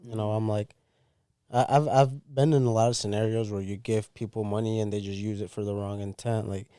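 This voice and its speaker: A young man spins a story among friends, swearing freely and getting animated. His voice is mellow and smooth, on a dry close mic. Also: on the low side, brisk, no room sound. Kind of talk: casual storytelling.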